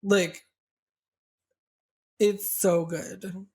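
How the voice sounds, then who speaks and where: A young man with a South Texas accent, co-hosting a casual podcast chat, talking freely with lots of "like" fillers and quick restarts. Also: sits high, level tone, darkish tone, breathy edge. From Rio Grande Valley, South Texas. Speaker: podcast co-host, drag performer.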